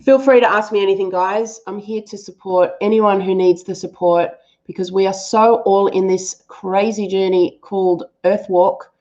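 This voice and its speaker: A woman's voice: mid-range voice, steady tone, moderate pace, few pauses, dark tone, muffled recording. A woman hosting a live-stream animal reading and answering viewers, affectionate and thinking aloud with fillers.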